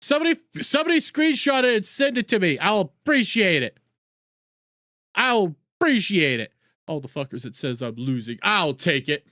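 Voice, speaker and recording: A young male streamer riffs over clips and reads chat aloud, mocking and excitable. His bright voice swings widely in pitch, and he swears freely. The sound is dry and close. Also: normal speed, no echo. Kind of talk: live reaction commentary.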